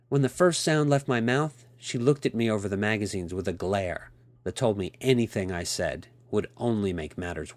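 A man reading a first-person story aloud in a steady, expressive way. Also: fairly low pitch, dry recording. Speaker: narrator.

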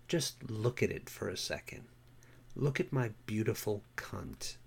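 A man reading the lines of a bossy, teasing adult woman in a husky, breathy voice, slow and commanding. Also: lowish voice, expressive, heavily acted.

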